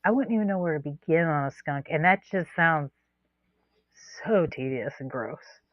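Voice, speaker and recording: A woman's voice: low-pitched, animated, normal speed, dry recording. A woman co-hosting a podcast in casual chat, rambling in a laid-back way with frequent chuckles. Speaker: podcast co-host. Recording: dull lo-fi dry sound.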